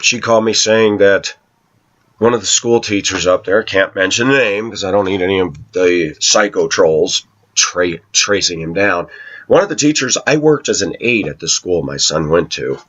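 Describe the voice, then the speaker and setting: A man talking to his viewers in a long personal monologue, aggrieved and telling his side, often clearing his throat. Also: deep voice, normal speed, fairly bright tone. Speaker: vlogger addressing viewers. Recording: slightly dull lo-fi recording.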